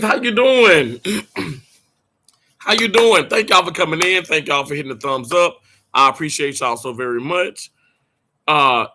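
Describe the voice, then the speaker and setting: A man from Mississippi, a little hoarse, chatting casually and playfully with livestream viewers from a hotel room, laughing often and drawing words out. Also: a little high, bright, forceful tone. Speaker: livestream host.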